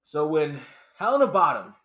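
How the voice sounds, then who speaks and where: A man giving a casual movie review, animated and emphatic, often repeating lines for effect. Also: on the high side, moderate pace.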